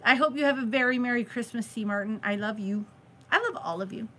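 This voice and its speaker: Bubbly lady rambling on a midnight live stream, bright sharp voice, a bit high. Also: fast talker, slight background noise. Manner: giggly, chatty, teasing. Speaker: crochet channel host. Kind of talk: late-night live stream chat. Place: home at night.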